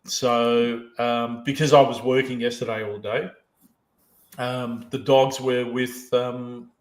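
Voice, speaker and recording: A man's voice: mid-range voice, flat delivery, slow. A male podcast host in casual chat, telling stories and swearing heavily as he rambles. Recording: roomy echo.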